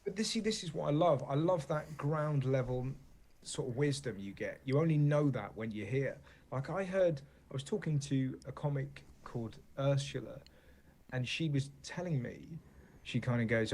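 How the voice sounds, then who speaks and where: An English comedian chatting as a guest in an interview, telling animated anecdotes and often asking "you know what I mean?". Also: male voice, mid-range voice, moderate pace. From England. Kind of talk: casual interview chat.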